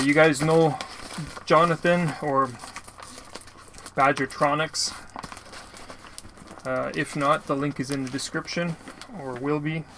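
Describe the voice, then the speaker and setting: Guy rambling slowly thru a mail unboxing, keeps saying sorry, kinda high voice, faint hiss behind. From Canada. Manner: rambling, apologetic, lots of filler. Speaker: YouTuber opening mail. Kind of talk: casual unboxing vlog.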